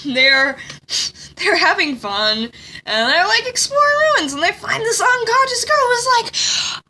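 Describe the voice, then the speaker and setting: A woman's voice: extremely high pitch, lively intonation, a little slow, sharp tone. A young woman recapping a game plot in a casual comedic way, rambling and sarcastic, full of fillers and swearing, recorded on a phone. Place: indoors with a friend.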